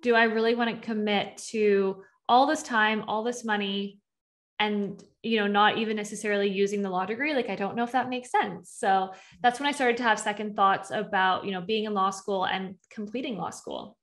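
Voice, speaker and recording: A woman's voice: medium pitch, fairly even intonation, moderate pace. A young adult woman guest on a podcast, telling her story in a casual, chatty way, often saying "like" and acting out her past thoughts. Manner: chatty, heavy use of "like", acts out her own past thoughts. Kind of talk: conversational storytelling.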